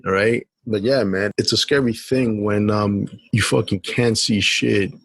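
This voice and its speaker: A man's voice: on the low side, fairly even intonation, measured pace, vocal fry, husky, no room sound. A man hosting a podcast roundtable, rambling in a casual way and swearing heavily with many fillers. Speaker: podcast host.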